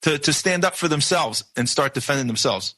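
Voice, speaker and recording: A man's voice: fairly high pitch, expressive, brisk, bright, forceful tone. A man hosting a radio news program, talking in emphatic bursts full of rhetorical questions. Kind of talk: opinionated radio talk.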